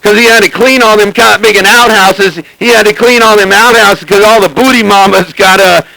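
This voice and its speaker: Gravelly high-voiced man on CB radio. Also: fairly even intonation, brisk, pushed and bright, no room sound, rough recording. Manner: joking, boastful, repeats "hey, hey, hey". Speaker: CB radio operator. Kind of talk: CB radio banter.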